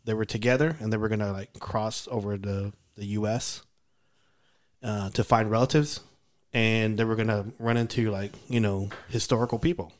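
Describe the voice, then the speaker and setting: A man's voice: lowish voice, fairly even intonation, normal speed. Rambling man with many ums. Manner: rambling with many fillers and restarts. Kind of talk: casual chat.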